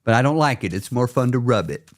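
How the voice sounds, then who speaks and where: A man's voice: mid-range voice, animated, fast talker. A man hosting a casual live stream, talking straight to viewers in a pushy, teasing way and laughing often. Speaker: live stream host, weight loss coach.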